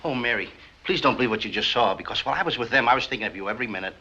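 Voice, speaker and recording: An actor playing a flustered, bumbling short chubby man who whines and stammers excitably, in 1940s film comedy style. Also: mid-range voice, very fast, a little hiss or hum. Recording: lo-fi old film soundtrack.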